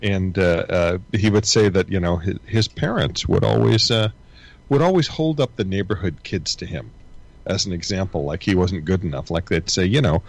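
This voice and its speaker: A man's voice: low voice, moderate pace, creaky. A man in a casual group chat, recounting stories in a dry, matter-of-fact way.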